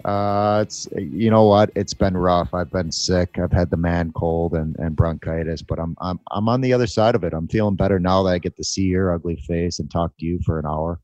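A man's voice: deep voice, moderate pace, few pauses, a little mellow, no echo, muffled recording. A man in his forties co-hosting a podcast in casual chat, laughing, teasing and cheerfully opinionated. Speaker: podcast co-host.

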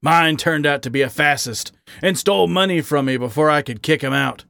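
A man's voice: on the high side, brisk, creaky, sharp tone, dry recording, voice pushed up. A man voicing a tired, bitter gay badger who growls out his grievances. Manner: growling, weary.

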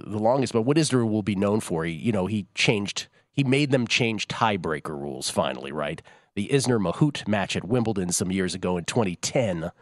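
A low-voiced man talks sports betting in a loose, rambling way. The sound is dry and close, with no room around it. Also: no room sound. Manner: chatty, rambling, quick asides and laughs. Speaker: sports betting show host. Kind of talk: casual sports talk.

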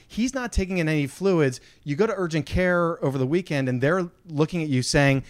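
A man's voice: on the high side, a little fast, few pauses, no room sound. Man, podcast co-host, earnest, defensive, handheld mic, dry sound. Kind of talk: casual banter. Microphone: handheld microphone.

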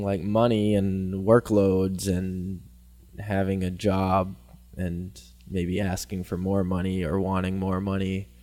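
A man co-hosting a podcast in casual chat, laid back and near monotone, his voice going hoarse from a sinus infection. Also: low voice, dry recording. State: losing his voice, throat clogged. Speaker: podcast co-host.

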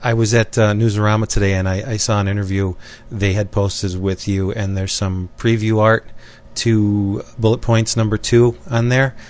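A man's voice: fairly low pitch, level tone, normal speed, hardly any pauses, darkish tone. A man co-hosting a podcast, chatting casually with dry, offhand jokes and introducing a guest. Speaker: podcast co-host.

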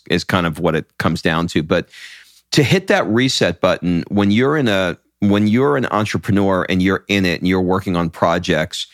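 A man hosting a podcast, talking in a relaxed, reflective way with easy fillers. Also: low-pitched, no room sound, studio quality. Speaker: podcast host. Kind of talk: casual chat.

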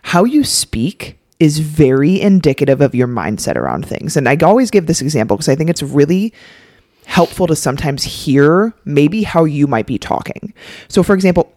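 A woman's voice: low voice, very animated, normal speed, darkish tone, no echo, studio quality. A woman co-hosting a podcast, talking emphatically and casually, with lots of filler "like"s. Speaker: podcast co-host. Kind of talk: casual coaching chat.

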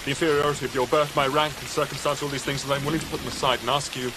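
An actor playing a proud young gentleman making a formal, earnest proposal in a period film drama. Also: mid-range voice, level tone, rapid-fire, noisy background, natural voice. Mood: anguished. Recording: film clip with loud rain.

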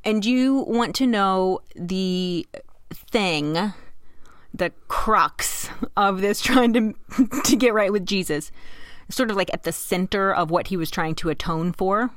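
A woman's voice: mid-range voice, takes it slowly, no room sound, studio quality. A woman hosting a casual podcast, telling a story in a wry way and laughing often.

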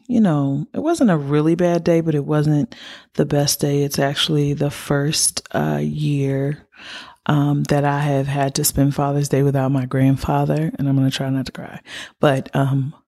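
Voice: mid-range voice, flat delivery, slow, creaky, warm tone. A podcast host talking openly and from the heart in a personal monologue, rambling with many "like"s.

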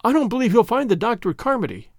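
A man's voice: sing-song, racing, no echo, clean studio sound, heavily acted. A man doing a frightened breathless young girl. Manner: high, urgent pleading.

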